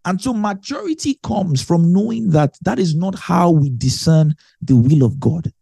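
A man teaching a sermon, emphatic and animated, hammering home key phrases by repeating them. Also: sits high, normal speed, vocal fry, husky, no room sound, studio quality. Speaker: Bible teacher.

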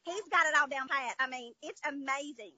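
A woman's voice: sits high, brisk, sharp tone, dry recording, low-quality recording. A woman with a Southern American twang, a children's book author chatting upbeat in an interview, with many fillers. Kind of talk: casual interview chat.

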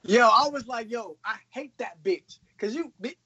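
A podcast co-host in casual chat, reacting bluntly and profanely, with a husky voice. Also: medium pitch, normal speed, pushed and bright, no room sound, highs cut off.

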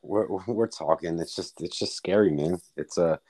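A man chats as a podcast guest, relaxed and easygoing, often saying man and bro. His voice is low, and it is recorded dry and close. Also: moderate pace, no room sound. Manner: laid-back, says bro and man. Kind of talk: casual chat.

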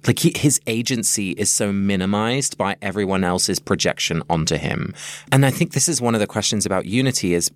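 A man's voice: lowish voice, no room sound. A man co-hosting a podcast, chatting casually and recapping with playful energy. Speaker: podcast co-host.

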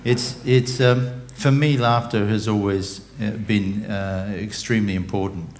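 Brief: male motivational speaker, unhurried, measured delivery. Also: on the low side, steady tone, darkish tone, slight background noise. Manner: deliberate, measured, with pauses to find words. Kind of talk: motivational talk.

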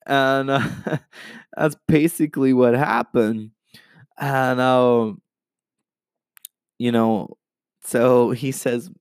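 Man, podcast preacher, enthusiastic, casual, smooth clear voice, dry close sound. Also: medium pitch, steady tone, normal speed, no room sound. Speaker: podcast host.

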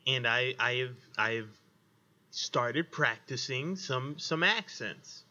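Bright-voiced joking man. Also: medium pitch, animated, slow pace, lo-fi sound. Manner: joking, swears freely, laughs often. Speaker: podcast co-host. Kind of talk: casual banter.

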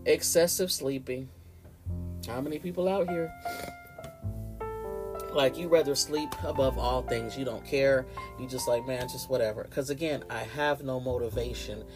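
Guy talking AAVE, preachy casual ramble, highish voice, guitar music going under him. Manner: animated, preachy, slips into playful mimicry. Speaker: podcast host.

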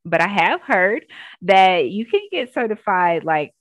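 A woman yoga instructor telling her story in a casual interview, earnest and animated, acting out what people said. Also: medium pitch, a little slow, dry recording.

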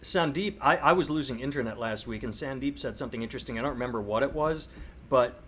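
A man's voice: mid-range voice, fast talker, fairly bright tone, slight background noise. A man hosting a casual podcast chat, talking animatedly and acting out outraged voices. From United States. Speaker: podcast host.

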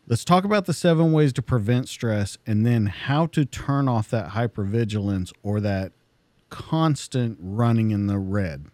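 Male podcast host, interview questions, low warm voice, dry studio sound. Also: measured pace, no room sound. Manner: thoughtful, winding questions.

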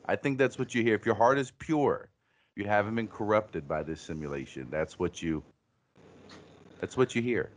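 Podcast guy, low-ish voice, deadpan mock-serious riffing. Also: moderate pace. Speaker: podcast co-host. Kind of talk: casual comedic chat.

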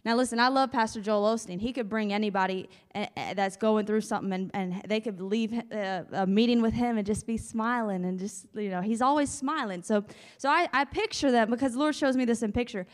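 A woman's voice: fairly high pitch, a little fast. Woman preacher in a reverberant hall. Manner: chatty asides, calls for amen. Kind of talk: sermon with Bible reading.

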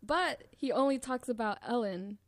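A woman with a high, bright voice chats as a podcast guest, teasing playfully and laughing easily. She talks casually in a relaxed back-and-forth. The recording is dry and close to the mic. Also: moderate pace, no room sound. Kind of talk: casual chat.

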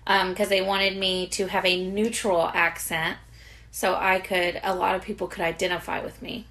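Gravelly-voiced woman co-host. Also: on the low side, little pitch movement, moderate pace, a bit bright. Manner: supportive interjections, blunt. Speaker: podcast co-host. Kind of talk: casual chat.

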